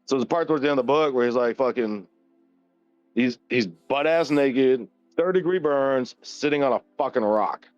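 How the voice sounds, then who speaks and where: Soft background music plays under a man in his thirties with a medium-pitched voice at a moderate pace. Co-hosting a casual podcast, he retells a story loosely, with constant swearing and frequent laughs. The recording is dry, dull and lo-fi.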